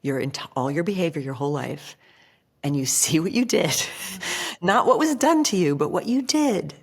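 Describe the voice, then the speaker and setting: A woman guest on a podcast, chatting casually, telling stories in a lively way, acting out quoted voices and saying "like" often. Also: low voice, normal speed, creaky, slightly rough. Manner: animated storyteller who acts out quoted voices, heavy use of "like".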